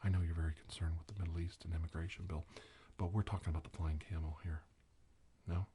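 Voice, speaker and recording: A man doing a teasing whispered role-play, drifting between soft talk and breathy whispers. His voice is low and mellow. A faint hiss sits under the recording. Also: fairly even intonation, fast. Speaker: ASMR parody host.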